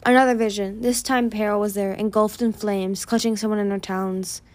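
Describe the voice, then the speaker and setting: A woman's voice: medium pitch, fairly even intonation, a little fast, no room sound. A woman reading a young-adult fantasy novel aloud, lifting her voice for urgent dialogue. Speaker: audiobook reader. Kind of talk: fan audiobook reading.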